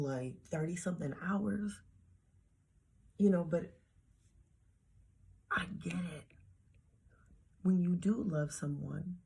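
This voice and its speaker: A woman's voice: lowish voice, vocal fry, darkish tone, slightly rough. A woman giving a casual devotional talk to camera, slangy and emphatic, often dropping into whispers. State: heartbroken after a breakup. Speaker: faith vlogger.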